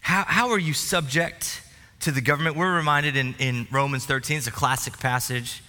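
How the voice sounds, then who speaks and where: Bright-voiced man preaching in a reverberant hall. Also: mid-range voice, steady tone, moderate pace. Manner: conversational preaching with humor and asides. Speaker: pastor. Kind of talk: sermon. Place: church sanctuary.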